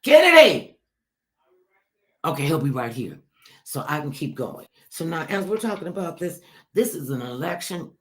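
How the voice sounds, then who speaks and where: A woman's voice: low-pitched, expressive, normal speed. A woman talk show host delivering an emphatic political commentary monologue, repeating herself and addressing listeners directly.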